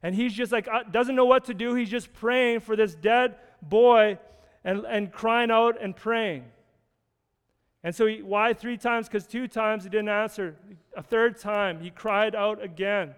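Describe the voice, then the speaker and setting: A man preaching in a high, smooth, resonant voice, earnest and conversational, circling back over his phrases as he works through scripture. His words ring out with a long reverb, as in a large hall. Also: steady tone, measured pace. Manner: conversational, earnest, with frequent restarts and scripture readings. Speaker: pastor. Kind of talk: sermon.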